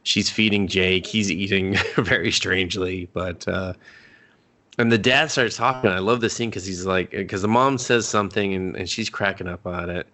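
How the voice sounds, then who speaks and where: A man's voice: sits low, fairly even intonation, normal speed, pushed and bright. A man co-hosting a movie review podcast, casually recapping scenes, swearing and acting out characters' lines. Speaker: podcast co-host.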